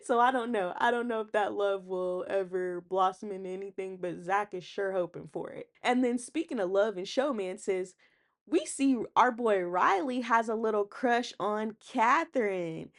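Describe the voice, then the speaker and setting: Chatty woman recapping reality TV. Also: medium pitch. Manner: chatty, acts out quotes, laughs often. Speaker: YouTube recap host. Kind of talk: casual TV recap vlog.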